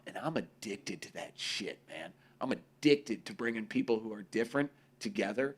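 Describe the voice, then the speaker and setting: A man's voice: fairly low pitch, lively intonation, normal speed, hardly any pauses, breathy edge. A man co-hosting a casual talk show, swearing freely and telling stories, acting out the voices of people he quotes. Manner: profane, storytelling, acts out quoted voices. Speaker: podcast co-host. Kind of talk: casual chat.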